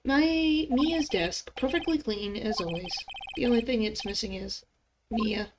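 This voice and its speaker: A woman's voice: on the high side, unhurried, noisy background. Casual woman streamer reading game text. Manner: casual, mumbled asides between read lines. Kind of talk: let's play, reading game dialogue aloud. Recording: music playing behind.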